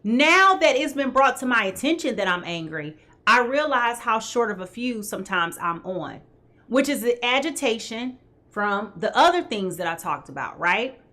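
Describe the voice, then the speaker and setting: A woman's voice: a little high, very animated, normal speed, sharp tone. A woman hosting a live tarot reading who talks straight to her viewers and keeps checking in with "okay?". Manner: talks straight to viewers, greets them by name. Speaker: tarot reader host.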